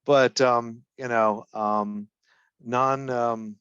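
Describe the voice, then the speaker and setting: A man talks about an album in a slow, halting way, full of fillers and restarts. His voice comes through a dull remote call line. The sound is dry, with no room around it. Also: medium pitch, fairly even intonation, a bit bright, smooth, dry recording. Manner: halting, searches for words with many fillers. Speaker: guest. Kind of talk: casual podcast chat about an album.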